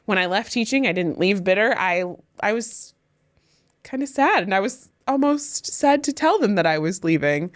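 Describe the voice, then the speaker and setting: Expressive woman ranting on a podcast. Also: mid-range voice. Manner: expressive, ranting, quick laughs. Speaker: podcast co-host, former teacher. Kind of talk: casual podcast chat.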